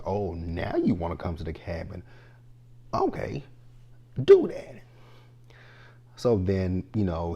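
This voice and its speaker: A young man giving a casual, animated recap of a TV episode, talking straight to the characters in exasperation. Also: sits low, husky. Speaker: TV show reviewer.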